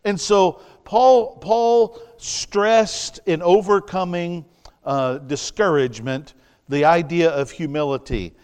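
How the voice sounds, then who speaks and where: A man preaching an evening sermon, reading scripture slowly and asking the congregation rhetorical questions. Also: high-pitched, darkish tone, smooth, long reverb tail.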